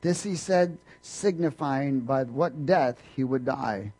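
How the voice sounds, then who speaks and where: A man preaching a sermon, quizzing his congregation and swinging between loud emphasis and hushed asides. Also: mid-range voice, slow, hardly any pauses, husky, low-quality recording. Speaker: pastor.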